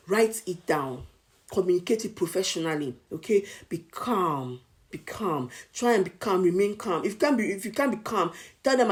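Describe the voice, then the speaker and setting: A woman's voice: fairly low pitch, expressive, normal speed, a little mellow. A woman from Nigeria with a Nigerian accent, giving casual advice to viewers in an emphatic, repetitive coaching manner. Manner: emphatic, repeats points, coaching tone. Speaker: advice vlogger.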